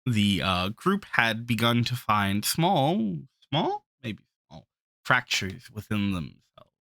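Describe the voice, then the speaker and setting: A man narrating a tabletop horror game as its game master, lingering over each phrase. His low voice swings widely in pitch and has a bright edge. The sound is dry and close. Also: no echo. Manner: slow, lively storytelling recap.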